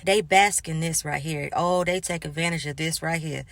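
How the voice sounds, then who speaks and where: A woman's voice: sits low, moderate pace, dry recording. A woman vlogger in a casual motivational monologue, speaking emphatically and acting out what other people say. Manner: emphatic, acts out quoted people in animated asides.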